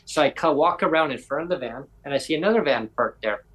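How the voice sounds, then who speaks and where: A man's voice: on the high side, animated, fast, a bit bright, slightly rough, low-quality recording. A man hosting a casual chat, telling a long rambling story with lots of voiced quotes and self-corrections. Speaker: podcast host.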